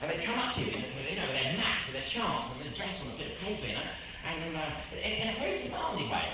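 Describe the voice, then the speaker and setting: Rambling English raconteur, lively pitch, slightly high; recorded far off in a very reverberant space. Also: male voice, fast. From England. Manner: rambling, animated, with self-repeats and impressions. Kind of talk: anecdotal storytelling. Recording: very echoey room, distant mic, ambient noise.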